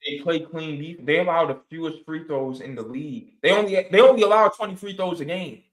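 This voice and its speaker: A man's voice: on the high side, a little fast, roomy sound, rough recording. A man co-hosting a sports podcast, telling stories with playful exaggeration in casual chat. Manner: animated storytelling, playful exaggeration. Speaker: podcast co-host.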